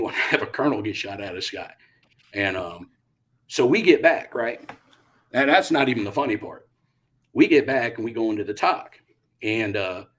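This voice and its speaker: A middle-aged man, a retired Army pilot, telling stories in a casual interview and acting out the quotes. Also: lowish voice. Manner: animated, acts out quotes with bursts of loudness.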